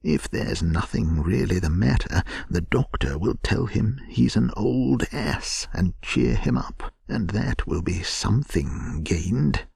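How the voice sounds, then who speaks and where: A man voicing a hearty, sensible male water rat who scolds his friend, in a gentle bedtime storybook reading. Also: low voice, expressive, takes it slowly, gravelly, few pauses, breathy edge, no room sound, studio quality, full character voice.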